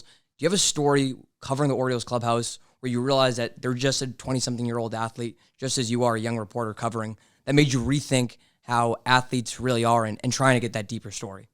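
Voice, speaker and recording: A young male student asks a polite, prepared question. He talks quickly in a flat, smooth voice. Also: mid-range voice. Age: young adult.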